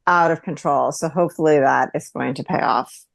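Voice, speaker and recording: A woman co-hosting a podcast in casual chat, measured and conversational. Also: deep voice, gravelly, dry recording, studio quality. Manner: conversational, laughs easily, measured. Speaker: podcast co-host.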